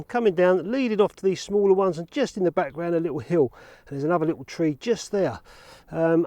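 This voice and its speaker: A man's voice: high voice, darkish tone, no room sound. A man vlogging casually outdoors in fields about film photography, chatty and self-deprecating, out of breath from cycling. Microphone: action camera.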